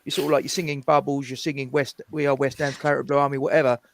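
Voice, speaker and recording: A man telling an animated, swearing story about chanting at football, with halting restarts. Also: mid-range voice, a little hiss or hum. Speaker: podcast panelist. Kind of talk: casual football chat.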